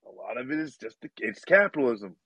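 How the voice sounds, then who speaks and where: A man hosting a podcast, talking casually with many pauses, restarts and light laughs. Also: medium pitch, very animated, sharp tone. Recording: slightly dull, dry audio.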